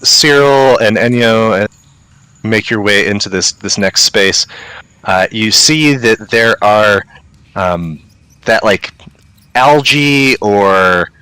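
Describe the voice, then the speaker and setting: A man's voice: fairly low pitch, sharp tone, clear, resonant tone, no echo. A man narrating a tabletop game as the game master, with lots of hesitant fillers. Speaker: dungeon master.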